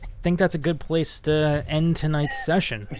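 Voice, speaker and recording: A man narrating as dungeon master, relaxed and a little hesitant. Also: on the high side, moderate pace, smooth, soft background music. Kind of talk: narrating a tabletop game.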